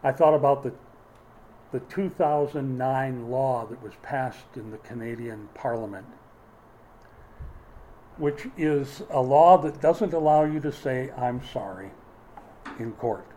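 A man's voice: medium pitch, takes it slowly, long pauses, dark tone, a little hiss or hum, rough recording. A man preaching a sermon, emphatic, with dry humorous asides. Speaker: pastor.

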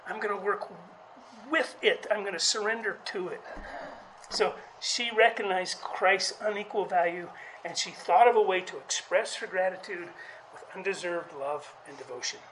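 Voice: a bit bright, slight background noise, poor audio. A preacher giving a conversational sermon, often restarting words and acting out quotes. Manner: conversational, halting delivery with frequent restarts; acts out quoted speech with raised pitch.

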